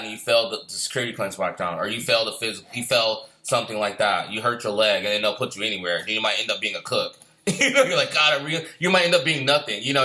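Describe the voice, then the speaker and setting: Fast, bright-voiced veteran telling stories. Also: male voice, medium pitch. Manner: profane, laughing, repeats himself, says "man" often. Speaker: Marine veteran. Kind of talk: casual storytelling.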